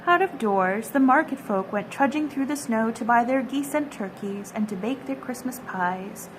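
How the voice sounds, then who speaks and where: A woman reading a children's storybook aloud in a gentle, expressive storytelling manner. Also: fairly high pitch, normal speed, background noise.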